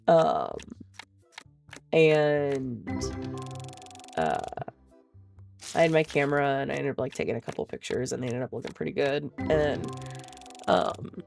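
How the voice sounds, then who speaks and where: A woman's voice: very deep voice, sing-song, unhurried, vocal fry, pauses often, over music. A woman chatting casually, telling a story with frequent swearing and laughter. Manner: chatty, profane, laughs often. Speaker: vlogger.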